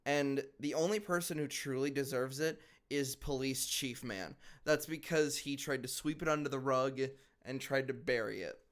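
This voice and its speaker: A man at a middle pitch, co-hosting a casual podcast chat. He argues his points and often stumbles and restarts. He fills gaps with small hesitations. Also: normal speed, few pauses, fairly bright tone. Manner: argumentative, restarts sentences, frequent uh and like. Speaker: podcast co-host.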